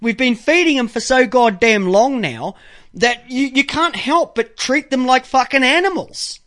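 Host: Australian man, high voice, crude rambling storyteller, loud bursts. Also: expressive, a little slow. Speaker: podcast host. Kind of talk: casual call-in show chat.

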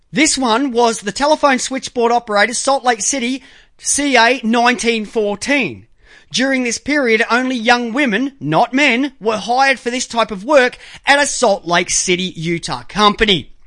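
A man's voice: extremely high pitch, a bit bright. A man hosting a live stream, delivering a combative, profane, unscripted rant that calls people out directly. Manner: counts items aloud slowly while looking at pictures.

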